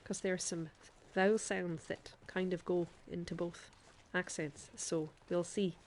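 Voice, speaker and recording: A chatty woman streamer with a lowish voice, talking over her gameplay in a put-on Irish lilt. She laughs easily and speaks straight to her chat between moves. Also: steady tone, unhurried, a little hiss or hum. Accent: put-on Irish accent. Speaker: game streamer. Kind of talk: live gameplay commentary.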